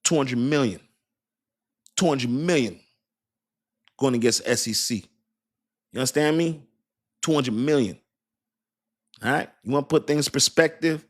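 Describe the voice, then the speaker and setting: A man's voice: mid-range voice, unhurried, long pauses. A man streaming casual, emphatic commentary to his viewers, repeating himself and asking them questions. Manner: emphatic, repetitive, talks straight to viewers with "y'all" and "you understand"; laughs and jokes about his own accent. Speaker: crypto streamer. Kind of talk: casual hype commentary to a live chat.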